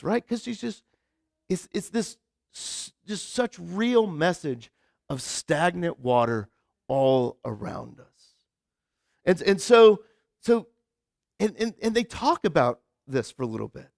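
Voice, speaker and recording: Young man, pastor, casual chatty sermon, high voice, dry close sound. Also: normal speed, no room sound. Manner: chatty storyteller, many repeated "like" and restarts.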